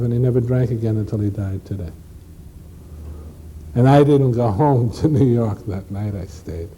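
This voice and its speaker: Rich: A man performs a first-person stage story in a mellow, dark voice. He builds drama with pauses and shifts in pace. There is faint room ambience behind him. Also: mid-range voice, a little hiss or hum, low-quality recording.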